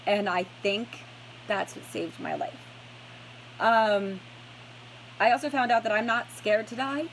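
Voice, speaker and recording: Woman, mid-pitch, stressed personal storytelling with fillers and restarts, faint noise floor. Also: sing-song, a bit bright, low-quality recording. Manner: halting, many fillers and restarts, blunt swearing. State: headache, stressed. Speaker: survivor telling her story.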